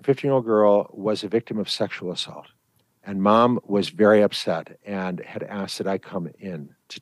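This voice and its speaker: A middle-aged male physician giving parenting advice on a call-in show in a measured, firm, storytelling way. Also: on the low side, dry recording.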